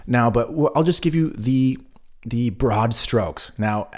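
A man's voice: medium pitch, takes it slowly, darkish tone. A man co-hosting a casual podcast, chatting and acting out quoted exchanges as he tells stories. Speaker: podcast co-host. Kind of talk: casual chat.

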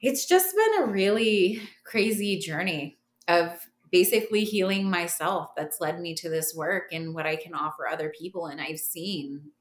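A woman guest on a podcast, telling her story in an animated way, laughing and acting out the voices of the people in it. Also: fairly low pitch. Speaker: podcast guest, massage therapist. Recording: roomy echo.

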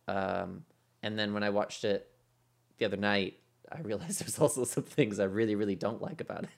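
A man co-hosting a podcast in casual chat, thinking aloud with many pauses and fillers. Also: fairly low pitch, creaky. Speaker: podcast co-host.

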